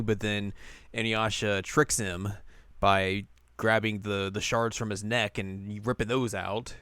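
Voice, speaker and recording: A man's voice: lowish voice, fairly bright tone, smooth, dry recording, studio quality. A man co-hosting a casual anime recap, playfully telling the plot and acting out characters' lines. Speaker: co-host recapping an anime episode. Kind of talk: casual chat.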